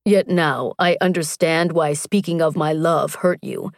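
A woman voicing an earnest, tender barbarian warrior man, speaking slowly and gently. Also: deep voice, fairly even intonation, no echo, clean studio sound.

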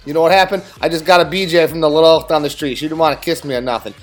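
A man's voice: a little high, fairly even intonation, rapid-fire, natural voice. Man doing a guido Santa Claus, brash, crude, boastful, faint guitar music behind. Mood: boasting. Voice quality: loud, brash, swaggering.

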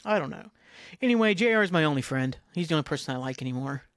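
A man's voice: a little high, animated, racing, a bit bright, dry recording, clean studio sound. Rambling, profane male podcast host. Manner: self-deprecating, profane, scattered. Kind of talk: rambling solo podcast chat.

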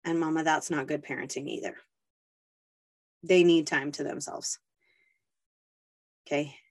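A woman's voice: low voice, fairly even intonation, unhurried. A young woman hosting a talk, speaking to mothers in a casual motivational monologue, earnest and pleading, acting out quoted inner voices. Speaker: podcast host speaking to mothers.

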